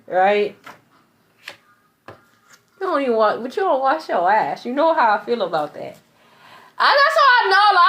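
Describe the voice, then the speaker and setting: A woman's voice: a little high, fairly bright tone. A young woman tarot reader ranting in a blunt, profane, repetitive monologue. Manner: blunt, profane, repeats herself.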